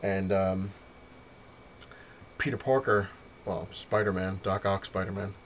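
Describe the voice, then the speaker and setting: A man's voice: low-pitched, fairly even intonation, unhurried, a little hiss or hum. A man chatting casually on his own show, rambling and correcting himself as he recaps comics, swearing freely. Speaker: comic collector reviewing his haul.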